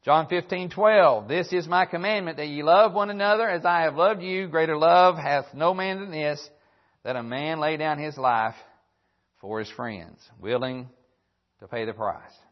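A preacher man with a fairly high voice delivers a sermon, reading old-style scripture verses and repeating his key phrases. The sound is dull and lo-fi, like an old church broadcast. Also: measured pace.

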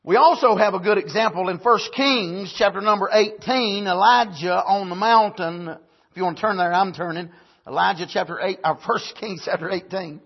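A high-pitched male preacher with a husky, slightly breathy voice, delivering a sermon in swelling emphatic bursts and frequent amens. The recording is dull and lo-fi. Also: moderate pace. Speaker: pastor.

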